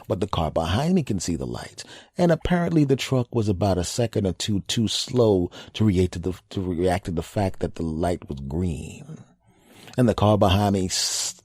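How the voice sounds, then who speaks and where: Husky, animated man telling stories. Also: sits low, no echo, studio quality. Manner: animated storytelling, repeats phrases for emphasis. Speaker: podcast host. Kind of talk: casual comedic monologue.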